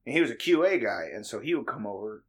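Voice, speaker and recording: Male podcast host, casual and profane, mid-pitched. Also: lively intonation, fast, husky. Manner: rambling, profane storytelling with laughs. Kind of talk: casual chat.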